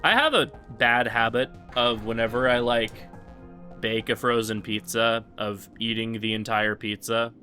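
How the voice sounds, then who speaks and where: A man's voice: mid-range voice, a little slow, sharp tone, faint music behind. A man casually commenting on his live-streamed game speedrun, rambling with lots of fillers.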